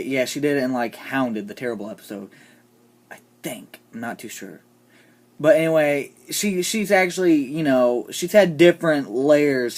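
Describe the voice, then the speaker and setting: A vlogger ranting casually about TV characters, opinionated and sarcastic, often trailing off into quiet asides. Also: medium pitch. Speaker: TV show reviewer.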